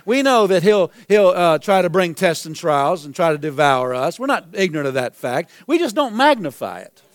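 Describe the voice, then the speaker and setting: A man's voice: high-pitched, sing-song, moderate pace, dry recording. A man preaching a sermon as pastor, building to emphatic exclamations.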